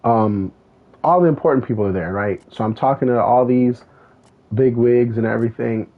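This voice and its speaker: A man's voice: medium pitch, normal speed. A man streaming a racing game, chatting casually and telling a rambling story with lots of swearing. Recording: tinny phone-like sound.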